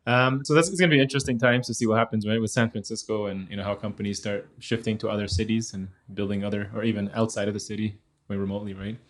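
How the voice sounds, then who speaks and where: A man's voice: fairly low pitch, steady tone, fast talker, hardly any pauses. Easygoing male podcast host. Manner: easygoing, short backchannels, rambling questions. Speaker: interview host. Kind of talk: casual interview conversation.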